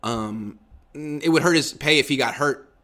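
A man's voice: medium pitch, moderate pace, pushed and bright. A young man hosting a casual sports talk show, arguing his points with animation and reading out listener comments. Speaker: podcast host.

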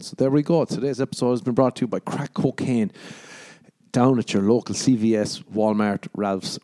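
Young Irish guy, podcast host, sweary sarcastic ramble, low mellow voice. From Ireland. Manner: crude, sarcastic, jumps into mock voices. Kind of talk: rambling solo podcast chat.

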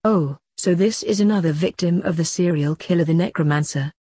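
A woman voicing a weary middle-aged male coroner who is secretly a reaper king, moaning in a put-upon way, with a husky voice. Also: on the low side, fairly quick, warm tone, no room sound, studio quality.

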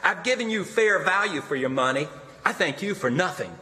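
A man's voice: high voice, expressive, normal speed, pushed and bright, pitched above the performer's own voice. A man voicing a bitter, defiant young son who lashes out at his family in impassioned, resentful speeches. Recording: long hall reverb.

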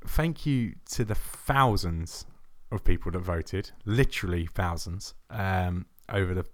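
A man hosting a podcast in casual chat, brisk and matter-of-fact with self-deprecating jokes. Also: low-pitched. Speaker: podcast host.

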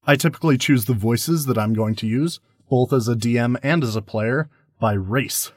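Husky-voiced man hosting a podcast. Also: medium pitch, moderate pace, no echo, studio quality. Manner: friendly, explains in plain steps. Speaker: podcast host. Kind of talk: explainer podcast narration.

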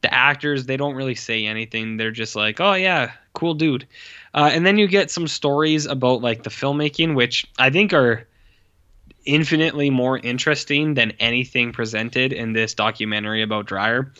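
A man's voice: mid-range voice, normal speed, bright, forceful tone, smooth, lo-fi sound. A man co-hosting a casual film review podcast, rambling and profane, slipping into mocking voices when he quotes people. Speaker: podcast co-host. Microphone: own microphone with mute.

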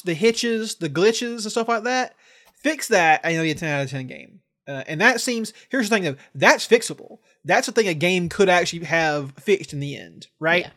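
A man's voice: sits high, fairly bright tone. A man co-hosting a casual podcast who speaks emphatically, swears casually and repeats himself for emphasis. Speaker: podcast co-host.

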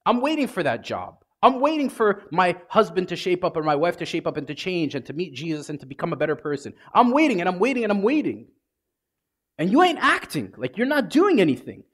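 Man, priest, lively sermon, slightly high voice, pitch swinging up and down. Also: fairly quick. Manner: conversational, animated, acts out prayers in everyday speech.

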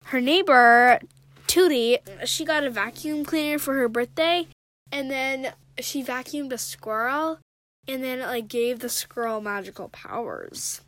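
A woman's voice: high voice, animated, a little slow, fairly bright tone. A young female speaker chatting casually about a book and reading an excerpt aloud. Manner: chatty, filler-heavy. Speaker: book reviewer.

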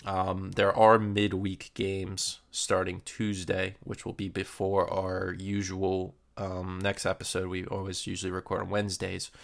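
Podcast host, young man, deep gravelly voice, laid-back match previews. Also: a little slow, hardly any pauses. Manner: relaxed, filler-heavy match previewing. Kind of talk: casual football podcast chat.

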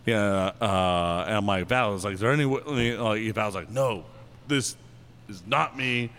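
A man's voice: fairly low pitch, unhurried, a bit bright. A man telling a long anecdote on a podcast, rambling and packed with fillers, breaking into laughs as he goes. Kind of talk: casual storytelling.

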